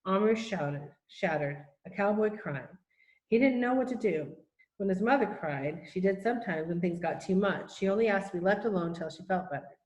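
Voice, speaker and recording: A woman reading a children's novel aloud in a steady, even manner, in an echoey room. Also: medium pitch, normal speed. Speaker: audiobook reader. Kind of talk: storybook narration.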